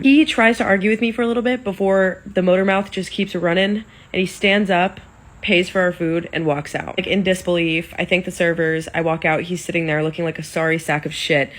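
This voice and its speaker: A woman's voice: on the low side, fairly even intonation, fairly quick. A young adult woman telling a personal dating story in a chatty, blunt way, swearing freely. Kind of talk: casual storytelling.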